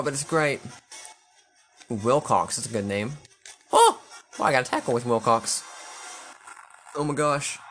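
A man commenting casually on his own football video game, thinking aloud, swearing freely and getting excitable on big plays. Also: on the high side.

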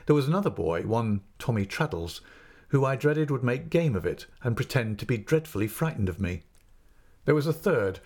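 A man's voice: medium pitch, a little mellow. Man reading a classic novel aloud. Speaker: narrator.

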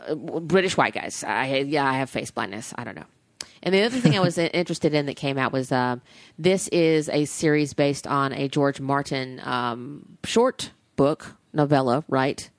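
A woman co-hosting a podcast in casual chat, gushing and animated, swearing freely. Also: a bass voice, normal speed, no echo. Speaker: podcast co-host.

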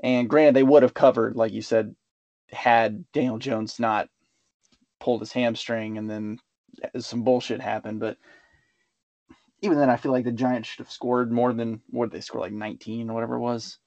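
A man's voice: mid-range voice, steady tone, moderate pace, darkish tone, no echo, muffled recording. A man co-hosting a sports betting podcast, rambling through his pick and laughing easily. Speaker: podcast co-host. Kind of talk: casual sports betting chat.

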